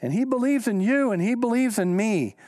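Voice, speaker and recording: A pastor preaching a sermon, earnest and emphatic, repeating key lines slowly for weight. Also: male voice, lively intonation, darkish tone, no room sound, studio quality. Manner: rises in pitch when stressing a point.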